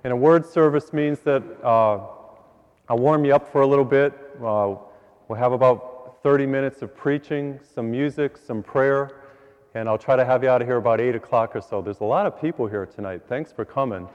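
A man's voice: medium pitch, moderate pace. A priest telling jokes from the pulpit in a loose, storytelling manner. His voice rings through a big church with a long tail of reverb, and the sound is slightly dull. The congregation laughs now and then. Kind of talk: joke-filled sermon. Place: large church.

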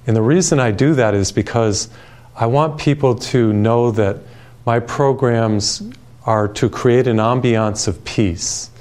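Soft-spoken guy preaching on tv, calm and soothing, tells little stories. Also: mid-range voice, measured pace. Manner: storytelling with personal anecdotes. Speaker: television preacher. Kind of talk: gentle televised sermon.

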